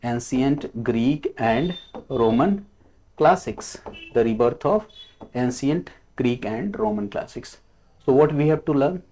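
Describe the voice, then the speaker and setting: A man's voice: medium pitch, animated, dark tone, low-quality recording. A middle-aged man, giving an exam coaching lecture, repeating key phrases and ending lines with "okay?". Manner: repetitive, ends lines with a rising "okay?"; slow, drilling emphasis on key phrases. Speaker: history teacher.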